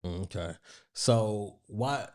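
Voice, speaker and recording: A man hosting a podcast, asking questions in a relaxed way and answering with short okays. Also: lowish voice, very slow. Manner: relaxed questioning with "um" and "okay" acknowledgments. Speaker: podcast host. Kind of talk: casual interview questions.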